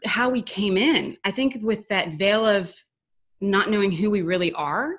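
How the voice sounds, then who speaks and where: A woman's voice: medium pitch, a little slow, fairly bright tone. A woman co-hosting a casual spiritual chat, talking in an earnest, rambling, self-questioning way. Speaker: podcast co-host.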